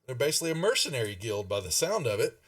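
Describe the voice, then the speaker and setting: A man voicing a gruff, indignant middle-aged male knight who blusters and curses, recorded from a distant mic. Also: mid-range voice, sing-song, fast talker, a bit bright. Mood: angry. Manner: blustering, cursing.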